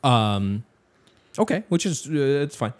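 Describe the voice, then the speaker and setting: A young man telling a story in casual chat, animated and swearing often, acting out other people's lines. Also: mid-range voice, unhurried.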